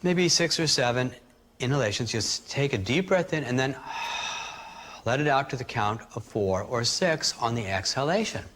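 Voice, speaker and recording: A man teaching a live workshop, calmly guiding a group through breathing exercises and demonstrating them aloud. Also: mid-range voice, normal speed. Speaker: energy healing teacher.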